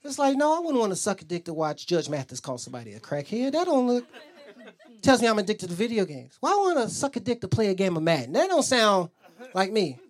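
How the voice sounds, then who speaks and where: A man's voice: high-pitched, very animated, fairly quick. A male stand-up comedian doing crude, teasing crowd work and laughing at his own jokes. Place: comedy club stage.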